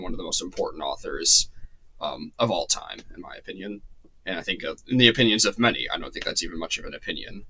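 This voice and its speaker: A man's voice: deep voice, bright, forceful tone, dull audio. A man teaching a literature course in a loose, digressive lecture, with many ums and restarts, his voice a little strained. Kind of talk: unscripted lecture.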